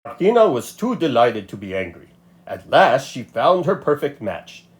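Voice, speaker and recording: Lively man reading a storybook aloud. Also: mid-range voice, moderate pace. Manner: expressive, playful. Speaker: narrator.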